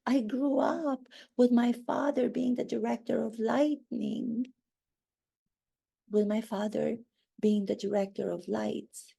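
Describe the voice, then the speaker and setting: A woman's voice: fairly high pitch, steady tone, slow, creaky, mellow, husky, exaggerated voice. A woman playing a haughty, self-absorbed duchess in a rambling parody monologue.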